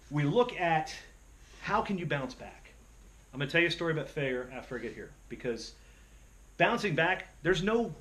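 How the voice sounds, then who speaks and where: A man telling self-deprecating stories to an audience in an animated, lively speaking style. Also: on the high side. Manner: animated, self-deprecating, jumps into voices for quotes. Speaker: motivational speaker. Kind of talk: storytelling speech to an audience.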